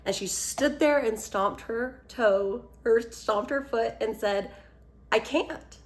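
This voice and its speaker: A woman's voice: on the high side, slow pace. A woman author telling a personal story, then walking through a product step by step in a casual, encouraging way. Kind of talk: casual explanatory talk to camera.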